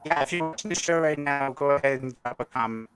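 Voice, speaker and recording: A man's voice: fairly high pitch, fast, a bit bright, clear, resonant tone, soft background music. A man from Colorado hosting a casual live-streamed chat show, upbeat and chatty, laughing often. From Colorado, United States. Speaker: host.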